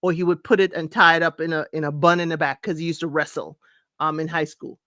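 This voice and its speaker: A woman's voice: deep voice, steady tone, quick pace, fairly bright tone, dry recording, clean studio sound. A middle-aged woman hosting a casual talk show, chatting about music, singing bits of songs and laughing often. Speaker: podcast host. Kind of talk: casual chat counting down music.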